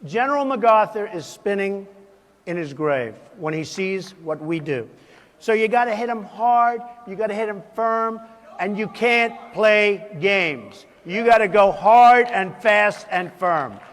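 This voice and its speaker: An older politician speaking emphatically and repetitively in a speech clip. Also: male voice, high-pitched, expressive, a little slow, fairly bright tone, big-room sound.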